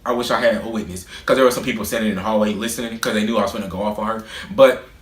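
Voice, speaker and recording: A young man in his twenties telling a storytime vlog, animated, profane and boastful. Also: fairly low pitch, very fast. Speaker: vlogger. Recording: roomy echo.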